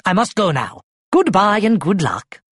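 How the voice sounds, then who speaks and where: A calm, kindly woman scientist from a picture book speaks in a gentle, reassuring way, as the reader puts her on. The voice is slightly husky and breathy. Pacing is slow, and the sound is close and dry. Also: medium pitch, no echo, voice pushed up, heavily acted. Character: kind, calm female scientist.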